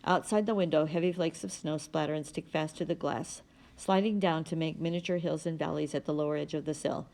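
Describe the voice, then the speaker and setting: A woman reading a novel aloud in a steady, plain manner. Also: low-pitched, a little fast, gravelly. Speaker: audiobook reader.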